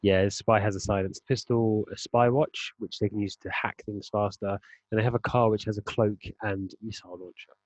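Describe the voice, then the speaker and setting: A man's voice: on the low side, steady tone, a little fast, no room sound. A young man in casual gaming chat, explaining at length and laughing often as a podcast co-host.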